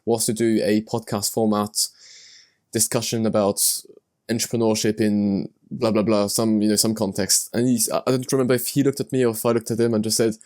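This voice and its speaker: A man's voice: on the low side, level tone, a little fast, a little mellow. A man hosting a podcast, talking loosely, with hesitant fillers and the odd curse word. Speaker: podcast host. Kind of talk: casual podcast conversation.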